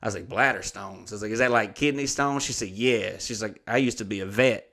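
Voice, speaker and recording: A man's voice: fairly low pitch, brisk, a bit bright. A man telling comedic anecdotes on a podcast, swearing freely and acting out the dialogue of the people in his story. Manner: profane, rambling anecdotes acting out quoted dialogue. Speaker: podcast co-host.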